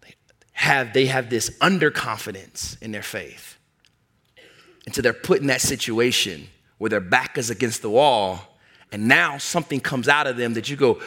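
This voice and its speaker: A man's voice: mid-range voice, normal speed, fairly bright tone. A man preaching a sermon in an emphatic, conversational storytelling manner.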